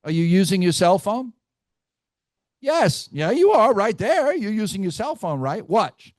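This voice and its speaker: A man leading a live team training session, brash and teasing, quizzing his audience with rapid questions. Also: sits high, big pitch swings, dry recording, clean studio sound. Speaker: real estate team trainer.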